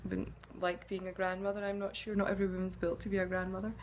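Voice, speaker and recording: A woman's voice: mid-range voice, monotone, quick pace, slight background noise. A middle-aged woman, an actress answering fan questions in a casual, chatty way, musing and often hesitating.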